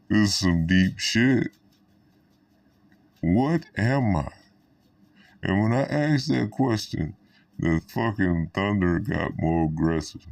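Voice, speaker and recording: A man's voice: extremely low pitch, a little mellow, no room sound, recorded from a distance. A man giving a rambling, profane monologue to the camera, laughing between thoughts. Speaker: vlogger.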